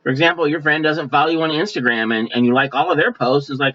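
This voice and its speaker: A man's voice: a little high, fairly even intonation. Folksy preacher man, lo-fi sound. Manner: folksy and conversational, mimicking offended people in quick asides. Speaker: pastor. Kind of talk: sermon. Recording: dull lo-fi sound.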